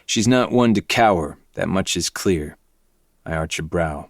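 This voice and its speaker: Deep-voiced guy narrating a dark book, low and intense, dry close mic. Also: animated, measured pace, gravelly, no room sound. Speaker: podcast host reading a novel. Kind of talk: dark first-person audiobook narration.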